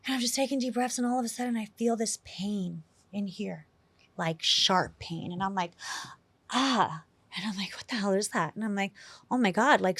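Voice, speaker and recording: A woman's voice: medium pitch, no echo. Candid woman telling a personal story. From New York City. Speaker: interview guest.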